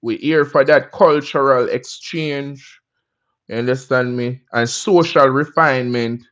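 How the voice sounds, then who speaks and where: A man's voice: medium pitch, unhurried, fairly bright tone, lo-fi sound. A Jamaican man hosting a casual livestream, talking in a laid-back, chatty way and often asking "you understand me?". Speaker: livestream host.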